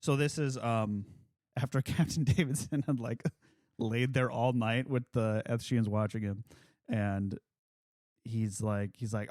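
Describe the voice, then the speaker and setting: A man co-hosting a casual book podcast, chatting and reading passages aloud in a low, measured voice. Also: steady tone, darkish tone, dry recording, studio quality. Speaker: podcast co-host. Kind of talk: casual book club chat.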